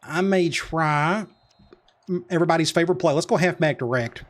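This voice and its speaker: Chatty man muttering game play calls. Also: fairly high pitch. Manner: muttering play calls to himself, quick reactions. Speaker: gaming commentator. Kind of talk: casual let's-play commentary.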